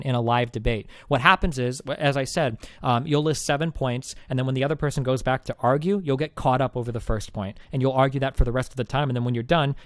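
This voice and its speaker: A man's voice: medium pitch, no echo. A male streamer recapping a debate in casual, rambling talk, sarcastic and full of restarts.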